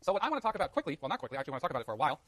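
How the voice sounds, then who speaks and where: A man lecturing a university class, quick and lively, joking with students as he works through a diagram. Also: a little high, dry recording. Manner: fast, animated, jokey asides to students.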